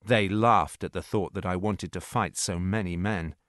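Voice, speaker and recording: A man narrating a story in a slow, clear reading voice. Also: deep voice, steady tone, a bit bright, no room sound, studio quality. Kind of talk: scripted narration.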